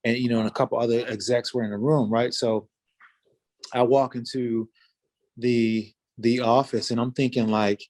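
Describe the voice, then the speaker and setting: Man, 40s, interview guest; relaxed storyteller, mid-pitched, loose and filler-heavy. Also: moderate pace. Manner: laid-back, animated retelling with many fillers. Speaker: interview guest, former fighter. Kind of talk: casual storytelling.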